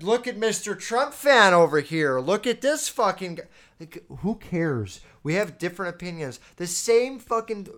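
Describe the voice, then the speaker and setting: A young man talking casually and bluntly into the camera, swearing a lot and getting animated as he reads out and answers viewer comments. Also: a little high. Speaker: vlogger reading viewer comments. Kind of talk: casual unscripted monologue.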